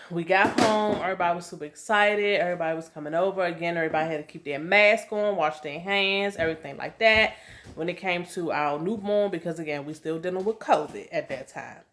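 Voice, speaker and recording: A woman's voice: low-pitched, a bit bright. Chatty young woman telling a story. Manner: chatty, repeats herself, lots of "um" and "y'all". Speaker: vlogger. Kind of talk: casual storytelling to camera.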